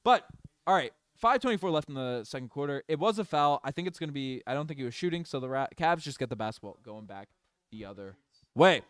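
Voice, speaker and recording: A man streaming fan play-by-play of a basketball game, excitable and openly partisan, talking to his chat. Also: mid-range voice, quick pace, clean tone, dry recording, clean studio sound. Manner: excitable, biased home-team fan chatting with his chat. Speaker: streamer doing live play-by-play. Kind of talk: fan play-by-play livestream commentary.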